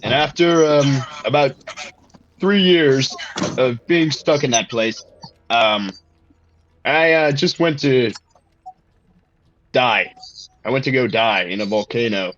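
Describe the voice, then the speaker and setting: A man playing a weary soldier who tells his tale haltingly, with many fillers. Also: medium pitch, a bit bright, muffled recording, a little hiss or hum. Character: weary soldier, lone survivor.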